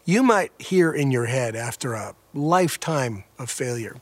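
A man's voice: medium pitch, animated, measured pace. A man preaching a sermon as a pastor, earnest, with a repetitive cadence that rises and falls in intensity.

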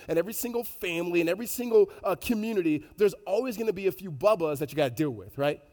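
Male pastor, slightly high voice, chatty storyteller, reverberant church hall. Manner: conversational storytelling, animated, many fillers and restarts. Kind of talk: sermon.

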